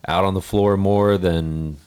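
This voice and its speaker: A man's voice: sits low, steady tone, a little slow, darkish tone, clean tone. A man co-hosting a podcast, talking in laid-back, joking banter with his co-hosts. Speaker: podcast co-host. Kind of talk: casual chat.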